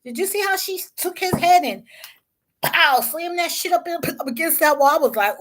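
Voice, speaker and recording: A woman's voice: sits high, expressive, moderate pace, fairly bright tone. A woman hosting a vlog, giving blunt, slangy, profane commentary on celebrity drama. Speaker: vlog host.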